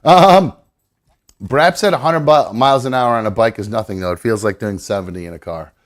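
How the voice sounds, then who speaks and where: A man's voice: mid-range voice, a little fast. A middle-aged man hosting a live show, chatting loosely, rambling and swearing casually. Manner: rambling, swears casually, coos at his dog. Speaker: podcast host. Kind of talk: casual live-stream chat.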